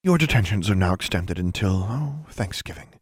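A man voicing a cold, stern female school dean who speaks in quiet, menacing, clipped commands. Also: low-pitched, animated, normal speed, breathy edge, no room sound, clean studio sound.

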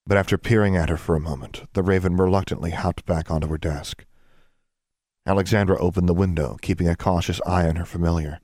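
A man narrating a fantasy story in an even, measured reading voice. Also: low-pitched, no room sound, clean studio sound. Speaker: audiobook narrator. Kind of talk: scripted narration.

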